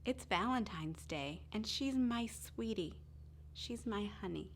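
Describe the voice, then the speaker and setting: A woman voicing a tender little girl who pleads in a high, childlike voice. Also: expressive, slow, a little hiss or hum.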